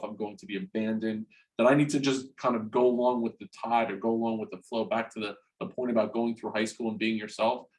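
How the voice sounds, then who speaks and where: A man in his forties from New Jersey, a guest in an interview, telling a personal story frankly and haltingly, restarting and repeating words and swearing freely. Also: fairly low pitch, rough recording. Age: 40s.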